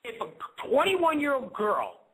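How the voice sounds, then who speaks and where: A man's voice: extremely high pitch, wildly swooping pitch, a little slow, bright, forceful tone, slightly rough, rough recording. A man hosting a webcast, telling a story in a rambling, profane rant full of repeats and restarts. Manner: rambling, repetitive, swears often, stumbles over words. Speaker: webcast host.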